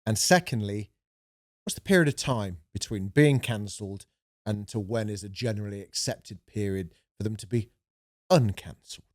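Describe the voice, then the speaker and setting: A man's voice: fairly low pitch, normal speed, dry recording. A man co-hosting a podcast in casual comedic chat, dry and sardonic, swearing freely. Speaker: podcast co-host.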